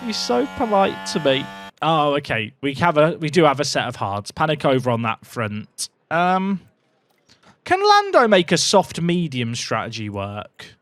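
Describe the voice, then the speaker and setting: A young man giving excitable, jokey commentary while playing a racing game, talking to his chat and shouting at his drivers. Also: a little high, measured pace, dry recording, studio quality. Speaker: gaming video creator. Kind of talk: casual gameplay commentary.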